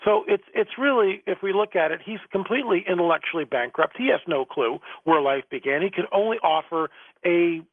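A man's voice: sits high, lively intonation, a little fast, no echo. A male guest author in a radio interview, talking emphatically and often repeating words, over a phone line.

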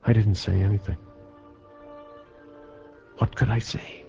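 Brief: very deep, dark-toned male reader, dramatic, lively pitch, dull lo-fi sound. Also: slow, creaky, soft background music. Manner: dramatic, with wide pitch swings. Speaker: reader of a letter. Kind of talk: dramatic reading of a wartime letter. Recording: dull lo-fi recording.

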